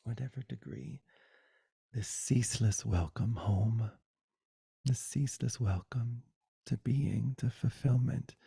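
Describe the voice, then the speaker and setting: A man giving a spiritual satsang talk over a video call, soft and unhurried, often dropping to a whisper. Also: medium pitch, vocal fry, breathy edge, dry recording, clean studio sound. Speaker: spiritual teacher.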